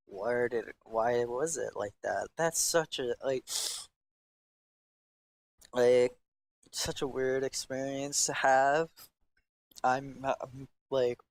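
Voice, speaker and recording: A man hosting a laid-back podcast, talking in an unhurried, drawn-out way at a middle pitch. His speech is halting and slangy, stuffed with fillers, and full of restarts as he thinks out loud. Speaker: podcast host. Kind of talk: rambling casual chat.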